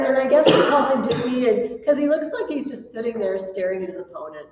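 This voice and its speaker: A woman teacher giving a classroom lecture, telling stories with lively animation and laughing at her own tales. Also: on the high side, brisk, hardly any pauses, muffled recording, a little hiss or hum. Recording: echoey classroom from a distant mic.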